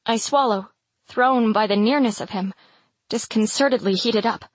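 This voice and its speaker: A woman narrating a first-person romantic fantasy audiobook in an intimate, measured storytelling voice. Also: fairly high pitch, no echo.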